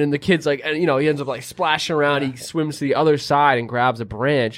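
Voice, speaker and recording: A man's voice: a little high, steady tone, a little fast. A man chatting casually on a podcast, telling stories in a laid-back, slangy way. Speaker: podcast guest or co-host. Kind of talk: casual chat.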